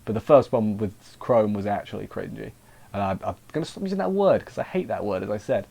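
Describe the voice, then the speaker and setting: A man's voice: lowish voice, expressive, fast talker, gravelly, dark tone. A man casually recapping an anime episode, rambling and interrupting himself with wry asides. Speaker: anime reviewer.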